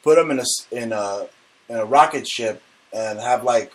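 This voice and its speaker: A man hosting a comedy talk show, ranting loudly and indignantly with stammered restarts. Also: medium pitch, normal speed, poor audio. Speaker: host.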